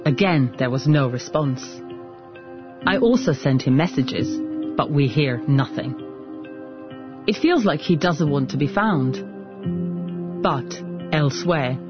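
A man journalist giving measured, scripted documentary narration. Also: on the high side, expressive, dull audio, over music. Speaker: journalist presenter.

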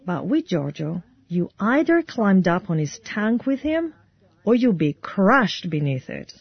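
Husky-ish woman doing translated voice-over, calm, dry muffled sound. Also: mid-range voice, a little slow, no room sound. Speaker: interpreter voice-over.

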